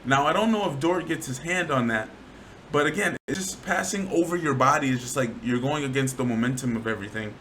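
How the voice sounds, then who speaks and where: A man giving a casual, slangy breakdown of game highlights, often getting worked up over bad plays. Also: a little fast, fairly bright tone, slight background noise, rough recording. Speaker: sports commentator.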